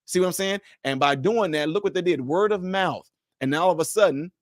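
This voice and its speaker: A man's voice: sits high, a little fast, no echo, clean studio sound. A man hosting a casual livestream for viewers, speaking emphatically with a preacher-like delivery. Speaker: livestream host.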